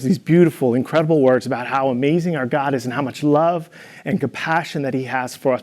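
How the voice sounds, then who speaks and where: A young man giving a devotional talk, telling playful stories with humor and an encouraging, earnest manner. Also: medium pitch. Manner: storytelling with playful humor, animated in anecdotes.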